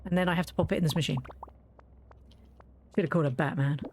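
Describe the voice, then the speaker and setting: A woman's voice: low voice, steady tone, fast, a little mellow, slight background noise. A woman streaming a game, chatting and telling stories with frequent laughter. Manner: chatty, laughs often mid-story. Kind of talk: casual storytelling while gaming.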